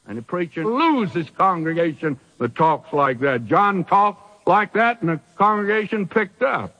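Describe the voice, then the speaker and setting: A man's voice: on the high side, very animated, a little slow, few pauses, bright, forceful tone, muffled recording. A man preaching a sermon, emphatic and full of rhetorical questions.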